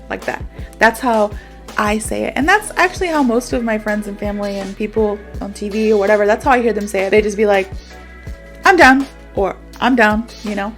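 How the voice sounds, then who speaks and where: A young woman talks through an English lesson in a relaxed, chatty way, peppering her speech with fillers. Her voice sits a little high for a woman, and soft music plays faintly under her. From United States. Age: young adult. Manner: chatty, self-aware, uses fillers like "so" and "like". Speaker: English teacher. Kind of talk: casual video lesson.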